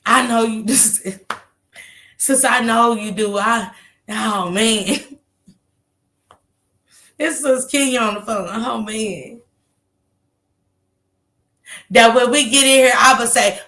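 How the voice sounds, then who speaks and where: Woman caller, slow drawl, bright higher voice, animated storyteller. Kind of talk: casual storytelling on a call.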